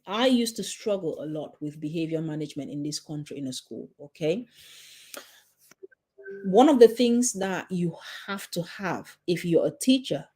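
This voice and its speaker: A woman in her forties speaks in a fairly low, warm voice as a parenting coach motivating parents. Emphatic, she repeats her points, asks the listener questions, and checks in with "okay?".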